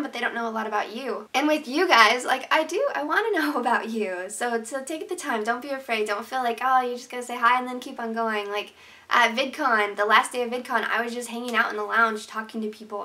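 A woman's voice: on the high side, sharp tone. A young woman vlogging to her viewers, emotional and sincere, talking openly with lots of "like" and restarts. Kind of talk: heartfelt casual vlog to viewers.

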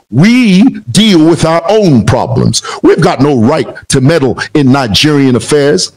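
A man's voice: medium pitch, poor audio. A man from Zambia giving a heated reaction commentary, combative and rhetorical, repeating phrases for emphasis. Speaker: political commentator.

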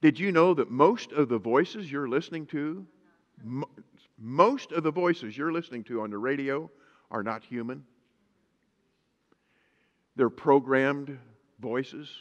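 A man, a pastor, preaching a sermon in a lively way, reading scripture aloud in a slow, deliberate manner. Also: medium pitch, lo-fi sound. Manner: lively preaching, reads scripture slowly and emphatically. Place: church sanctuary. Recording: reverberant church hall.

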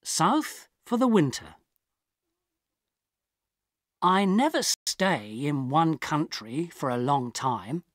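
Slow, low-voiced woman narrator. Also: no echo, studio quality. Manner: slow, plain, even reading for learners. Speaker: audiobook narrator. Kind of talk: first-person scripted narration.

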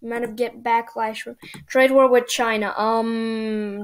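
Woman host, high pitch, excitable running commentary over a strategy game. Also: slow pace. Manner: excitable, thinking aloud while playing. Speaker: gaming channel host. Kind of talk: casual gameplay commentary.

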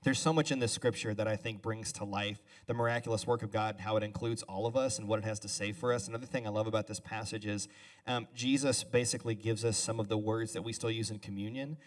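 A male pastor giving a relaxed sermon as a two-person conversation, casual and chatty with joking asides. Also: fairly low pitch, fast. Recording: voice a bit far from the mic.

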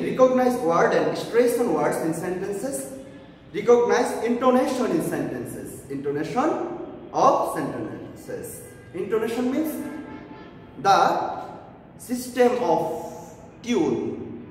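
A man, a Bengali speaker, teaching an English lesson and repeating each phrase with frequent checks of "okay?" and "clear?". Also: high-pitched, slight background noise. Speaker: English lecturer. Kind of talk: classroom lesson. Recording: echoey room, voice far from the mic.

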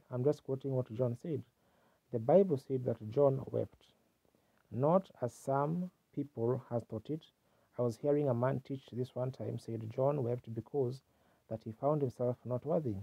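A man delivers a fervent sermon, his voice gravelly and a little husky. The sound is dull and lo-fi, like an old archival tape, and close and dry with no room around it. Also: medium pitch, no room sound. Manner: fervent preaching with exclamations. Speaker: preacher.

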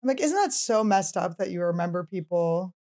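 A woman's voice: fairly low pitch, animated, a little fast, mellow. A woman in her thirties hosting a comedy podcast, chatting casually and teasing her guest with frequent laughter. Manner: playful, teasing, laughs often. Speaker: podcast host.

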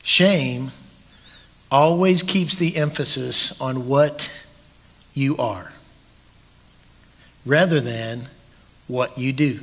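A man pastor preaching a sermon in a church sanctuary, deliberate and emphatic, leaning on long pauses. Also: mid-range voice, fairly bright tone. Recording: long church hall reverb.

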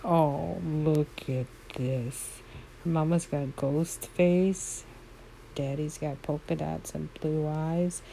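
A woman with a low, gravelly voice speaks slowly and warmly as she plays a horse game at home. She gushes over her horses and keeps exclaiming. Her tone is soft and mellow. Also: steady tone, slight background noise, low-quality recording. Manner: gushing, talks to her horses fondly; frequent exclamations. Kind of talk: casual gameplay commentary.

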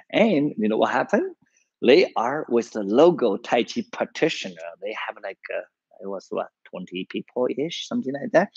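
A man's voice: on the low side, vocal fry, husky, no echo, dull audio. A man with a Chinese accent, a tai chi teacher casually telling a story to his live-streamed class, with many fillers and easy laughs.

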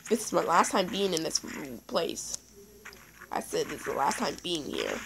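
A woman giving excitable let's play commentary, talking to the animals in her game as she plays. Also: lowish voice, moderate pace, gravelly, background noise. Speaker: gaming YouTuber.

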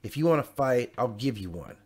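A man's voice: medium pitch, expressive, brisk, darkish tone, slightly rough. A man voicing a proud, hot-tempered female witch in a storybook reading, snapping and sneering her lines. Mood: angry.

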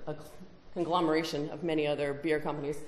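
A woman's voice: deep voice, flat delivery, quick pace, reverberant. A woman giving a conference talk, emphatic, with rhetorical questions. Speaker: conference speaker. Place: conference hall.

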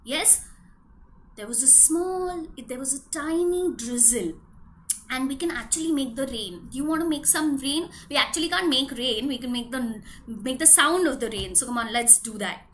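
A woman, a preschool teacher telling a story to young children, animated and often asking them questions. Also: sits high, normal speed, a little hiss or hum.

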